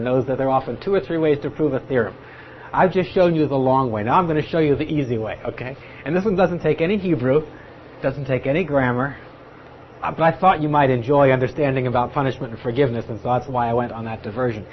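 A fairly high-pitched man leads a Bible study, patiently explaining things and sometimes acting out the people he quotes. There's a slight hiss or hum, and the lo-fi recording sounds dull with faint ambience.

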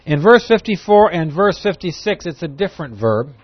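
A man teaching through a Bible passage to a class, lively and emphatic, reading verses aloud. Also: on the high side, normal speed. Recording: dull lo-fi recording.

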